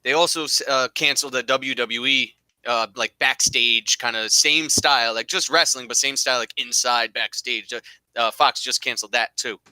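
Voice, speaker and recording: A man's voice: mid-range voice, normal speed, sharp tone, smooth, no room sound, low-quality recording. A man co-hosting a podcast, talking in a loose, rambling, profane way. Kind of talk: casual podcast chat.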